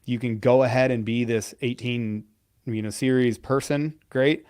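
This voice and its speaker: Male veteran co-host, forties, straight-talking and profane, mid-pitched voice. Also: fairly even intonation, moderate pace, darkish tone, smooth. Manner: blunt, profane, storytelling. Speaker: podcast co-host, veteran pararescueman. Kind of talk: casual live-stream advice talk.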